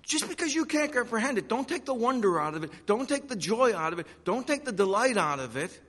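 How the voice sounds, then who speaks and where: A man's voice: very high-pitched, very animated, fairly quick, fairly bright tone. A man preaching a sermon, acting out the biblical quotes he reads. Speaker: pastor. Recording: long hall reverb.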